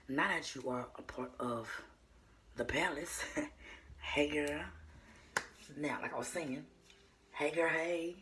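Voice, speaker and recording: A woman's voice: extremely low pitch, background noise. A young Southern woman from Georgia telling a storytime vlog to her viewers, chatty and playful, slipping into whispers, a bit out of breath. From South Georgia, USA. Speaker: vlogger.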